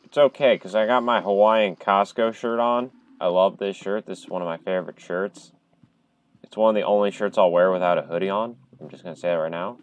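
A man on a headset at home, playing a horror game in casual commentary, jumpy and chatty with viewers, breaking into loud startled outbursts. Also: sits low, fairly even intonation, a little fast, poor audio. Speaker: gamer streaming a horror game.

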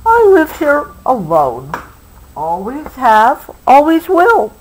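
A woman's voice: sits high, wildly swooping pitch, slow pace, darkish tone, husky, voice pushed up, full character voice, low-quality recording. A mom reading as a grumpy loner man. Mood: grumbling. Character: grumpy reclusive man who wants to be alone.

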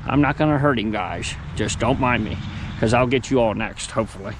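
A man's voice: mid-range voice, fairly quick. A man vlogging as he catches groundhogs outdoors. He exclaims constantly and coaxes the animals as he talks. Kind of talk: casual outdoor narration. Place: outdoors, yard and woods. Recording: outdoor noise behind voice.

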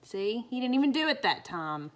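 A woman's voice: on the high side, sing-song, normal speed, dull audio, slight background noise. Brief: a woman reading a storybook aloud, playful and chatty, with casual asides to young listeners. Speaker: storyteller reading a picture book. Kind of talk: picture book read-aloud with chatty asides.

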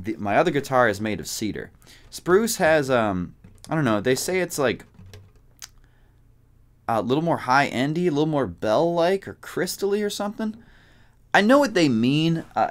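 A male guitarist chatting in a casual vlog, his voice sitting a little low. He talks in loose slang and jokes, leaping up in pitch when excited and dropping back to low asides. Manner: slangy and jokey, with big swings up and down in pitch.

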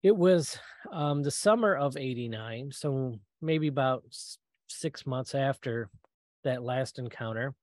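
A middle-aged man giving a storytelling talk, lively and acting out the voices he quotes, with frequent ums and uhs. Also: mid-range voice, unhurried, no room sound. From Michigan, US. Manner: animated, acts out quoted voices, many fillers. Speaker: guest speaker.

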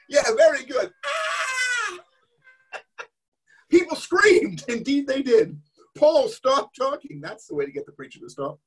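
A man's voice: extremely high pitch, a bit bright, breathy edge. A man telling an interactive story to an all-age church audience and cueing them to act along. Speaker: guest storyteller. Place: church service.

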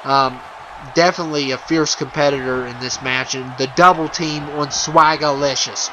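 A man giving playful, excitable wrestling commentary over a video game, chuckling often and full of fillers and restarts. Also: medium pitch, moderate pace, muffled recording, background noise.

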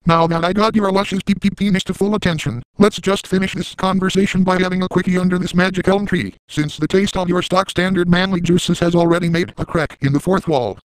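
A man's voice: high voice, fairly even intonation, fairly quick, few pauses, clear, resonant tone, dry recording, close to an everyday voice, low-quality recording. Drew Pickles, a smug crude man, as a man plays him. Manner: smug, mocking sing-song sound effects. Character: crude lecherous adult man, gleeful and shameless. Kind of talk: comedic first-person parody narration.

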